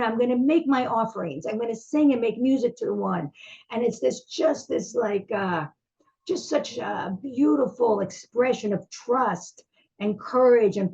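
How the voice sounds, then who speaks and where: A woman's voice: on the high side, a little mellow, dull audio. A woman teaching a class, talking in a heartfelt, searching way with many fillers and restarts.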